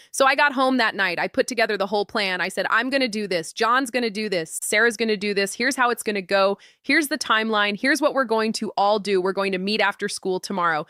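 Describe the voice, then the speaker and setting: Woman, motivational talk, lively storytelling, bright tone, dry close sound. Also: on the high side, brisk, no room sound. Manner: animated, acts out quotes and stories.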